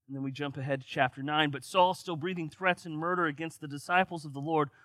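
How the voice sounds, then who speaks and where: Male preacher, bright tone, dry close sound, reads scripture then builds emphasis. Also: on the high side, dry recording. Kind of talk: sermon.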